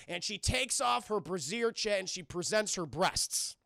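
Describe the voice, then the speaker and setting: Raspy fry-heavy guy ranting thru a movie plot for his chat, swearing lots, super bouncy pitch. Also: unhurried, no room sound, clean studio sound. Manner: animated, profane, rambling with many fillers. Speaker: streamer reviewing films. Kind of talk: casual scene-by-scene recap to a live chat.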